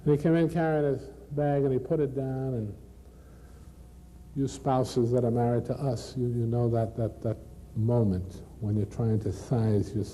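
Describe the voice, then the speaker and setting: A man's voice: mid-range voice, steady tone, measured pace, mellow, slight background noise, lightly acted. A man acting in a one-man stage monologue, playing a recovering alcoholic who recalls his past in a conversational storytelling manner and addresses the audience.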